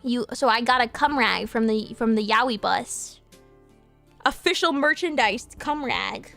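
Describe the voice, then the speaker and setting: Bright high-voiced woman streamer rambling. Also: measured pace, vocal fry, faint music behind. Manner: rambling, crude, playful storytelling. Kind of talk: casual stream chat.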